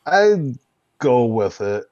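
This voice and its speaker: A man guest in a casual interview, telling animated, laughing anecdotes with lots of fillers. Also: medium pitch, slow, no echo, lo-fi sound. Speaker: guest, roleplay streamer.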